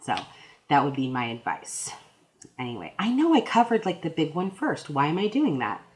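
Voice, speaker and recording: A woman's voice: deep voice, wildly swooping pitch, moderate pace. A woman in her thirties giving casual advice in a rambling, self-deprecating, goofy way. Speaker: vlogger.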